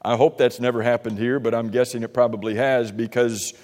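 A man's voice: mid-range voice, fairly even intonation, brisk, darkish tone, big-room sound. A man preaching a conversational sermon to his congregation, asking them questions as he goes. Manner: conversational, asks the congregation questions, many restarts. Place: church sanctuary.

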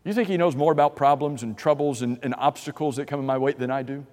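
A man's voice: medium pitch, fast, darkish tone. A man preaching a sermon, posing questions to his listeners and acting out the voices of doubters with emphasis. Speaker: pastor. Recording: long hall reverb.

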